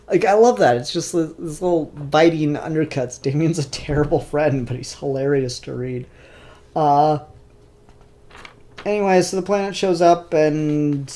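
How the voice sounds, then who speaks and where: A man's voice: mid-range voice, a little mellow. A man casually reviewing comic books, rambling and opinionated with frequent fillers.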